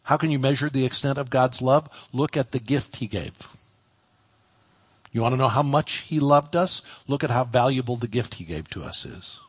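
Middle-aged male pastor, husky, mid-pitched, chatty sermon delivery with slow word-by-word emphasis. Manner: conversational, stresses single words with slow pauses. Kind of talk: expository sermon.

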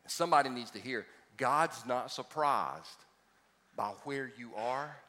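A man's voice: medium pitch, a little slow, pushed and bright, big-room sound, a little hiss or hum. A man preaching a sermon as pastor to a congregation, telling funny stories and building to emphatic exhortation. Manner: humorous storytelling, rising to emphatic exhortation. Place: church auditorium before a congregation.

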